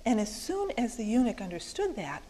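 A woman's voice: a little high, very animated, brisk, dark tone, rough recording. A woman teaching a Bible study class, explaining a passage verse by verse with emphatic asides, fillers and restarts.

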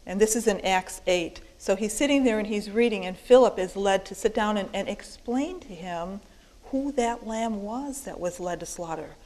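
A woman's voice: medium pitch, moderate pace, a little mellow, poor audio. Woman teaching a Bible study. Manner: explanatory, emphatic, with fillers and restarts.

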